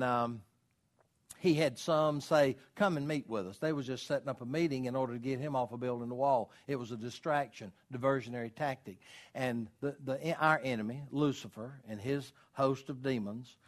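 A middle-aged man, preaching a folksy sermon and swinging from quiet asides to loud exhortation. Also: medium pitch. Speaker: pastor.

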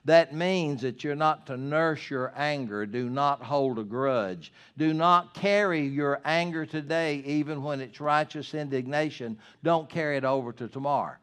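A man delivers a sermon from the pulpit. He preaches earnestly, rising to loud, emphatic points and dropping to low, hushed asides. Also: measured pace, few pauses, smooth. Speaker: pastor.

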